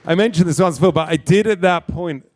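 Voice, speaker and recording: A man's voice: high voice, fast talker, over music, crowd noise. Laughing man telling filming stories. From England. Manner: casual storyteller, laughing through his punchlines. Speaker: film producer and interview guest. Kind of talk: comic anecdote.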